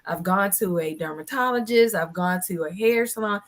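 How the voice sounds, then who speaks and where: In a lowish voice at normal speed, a woman in her forties relates her own story as a guest on a casual panel. She's animated and imitates other people's lines.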